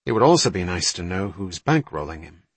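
Man voicing a pushy, husky intelligence analyst. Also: deep voice, sing-song, a little fast, no echo, heavily acted. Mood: insistent. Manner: pressing, argumentative. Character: sharp, probing male intelligence analyst.

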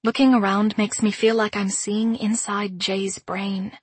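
A woman narrating a first-person audiobook in a measured, introspective way. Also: mid-range voice, flat delivery, slightly rough, dry recording.

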